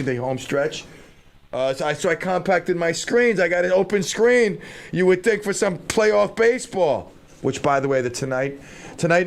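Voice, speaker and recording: A man's voice: a little high, creaky. A middle-aged man hosting a radio show, rambling casually and mocking himself while he fumbles with studio gear. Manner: scattered, self-mocking, thinks aloud while fiddling with gear.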